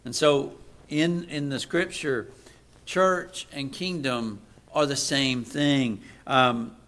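A man preaching a sermon, moving from quiet asides to loud, emphatic readings of scripture. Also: medium pitch, slow pace.

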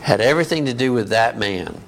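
A man's voice: mid-range voice, fairly quick. A man preaching a sermon in a conversational teaching manner, often asking the congregation questions.

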